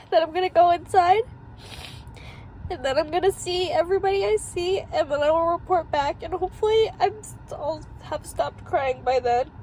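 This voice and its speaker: A woman's voice: extremely high pitch, moderate pace, a little mellow, slight background noise, poor audio. A young woman vlogging from a parked car, crying and laughing through her tears as she talks. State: tearful, crying. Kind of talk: emotional personal vlog.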